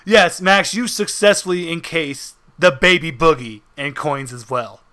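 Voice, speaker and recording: High, bright-voiced game master. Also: male voice, measured pace. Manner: dramatic, vivid descriptions with frequent laughter. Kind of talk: narrating a tabletop horror game.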